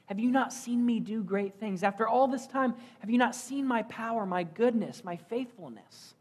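A man voicing a calm adult male teacher who gently reassures his frightened followers. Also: high voice, moderate pace, voice pushed up. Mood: reassuring.

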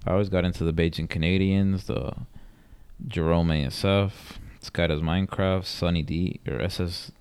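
Young man, very low voice, casual rambling chat, slangy. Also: fairly even intonation, moderate pace, darkish tone, clear, resonant tone. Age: 20s. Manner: slangy, rambling, says bro a lot.

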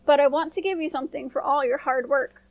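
A kindly old storybook woman with a warm, gentle way of speaking, as a woman narrator puts her on. Her tone is high and the sound is dry and close. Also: fairly even intonation, fast talker, dry recording. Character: kind old woman, magical housekeeper.

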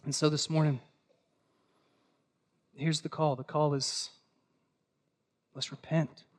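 A male pastor delivers a sermon at a church service. His voice sits high for a man, and he hammers his points with repetition and rhetorical questions. He is emphatic and direct. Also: flat delivery, slow.

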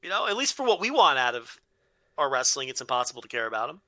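Bright, blunt male podcast co-host. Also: medium pitch, big pitch swings, fast, no room sound. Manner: blunt, profane opinions, hedging restarts. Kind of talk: casual podcast chat.

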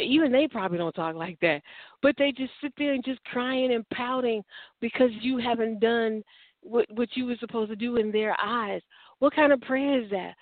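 Woman preacher, fervent sermon, acts out prayers; higher voice, dry, tinny phone-line sound. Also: no room sound.

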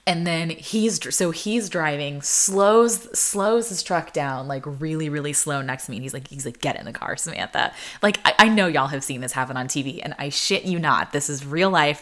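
Low-voiced chatty woman. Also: a bit bright. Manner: chatty and candid, full of "like" fillers, laughs often. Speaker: singer-songwriter. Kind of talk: casual storytelling.

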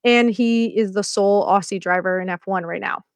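A woman's voice: medium pitch, steady tone, moderate pace, smooth, no room sound. Chatty woman host, dry close sound. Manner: chatty, playful, sarcastic asides. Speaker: podcast host recapping a series. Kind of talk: casual scripted commentary.

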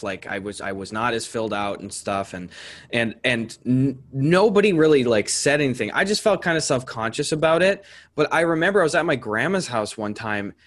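A young man co-hosting a podcast, telling stories in casual chat, animated and swearing freely, his voice jumping high when worked up. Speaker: podcast co-host. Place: podcast studio, live stream.

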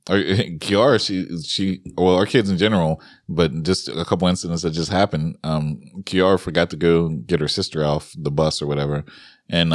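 A man in his forties co-hosting a relaxed chat, speaking in a somewhat low voice. He is easygoing and chuckles as he tells stories. The sound is dry and close to the mic. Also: dry recording. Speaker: podcast co-host, parent. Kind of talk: casual chat.

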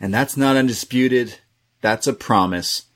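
Animated man recapping wrestling promos. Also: medium pitch, unhurried. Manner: animated, mimics wrestlers' promos in exaggerated voices. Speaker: wrestling podcast co-host. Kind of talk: casual review chat.

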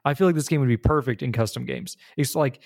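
A man co-hosting a casual gaming podcast over a video call, relaxed and chatty, with lots of "like" fillers. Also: mid-range voice, fast, creaky. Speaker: podcast co-host. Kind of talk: casual chat.

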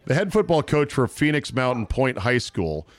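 A man's voice: medium pitch, sing-song, no echo, faint music behind. Brash, dry-voiced podcast host man. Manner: brash, joking, quick storytelling. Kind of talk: casual sports talk.

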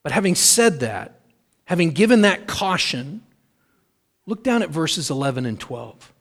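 A middle-aged man preaching a sermon in an earnest, measured way, repeating key phrases for emphasis. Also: fairly high pitch, big pitch swings, a bit bright. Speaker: pastor.

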